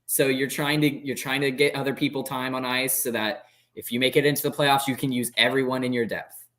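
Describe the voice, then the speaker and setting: Hesitant male co-host, middle-pitched voice. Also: level tone, fairly quick, a bit bright. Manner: hesitant, restarts sentences, repeats words. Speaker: podcast co-host. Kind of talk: casual sports chat.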